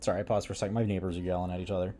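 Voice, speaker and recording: A man reading a gothic story aloud on a live stream, breaking off for animated, joking asides. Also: sits low, rapid-fire, slight background noise.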